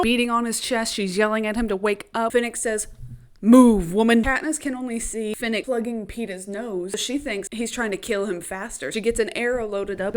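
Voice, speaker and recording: A young woman recapping a book to camera in a chatty, animated way, swearing freely and laughing often. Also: a little high. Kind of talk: casual story recap to camera.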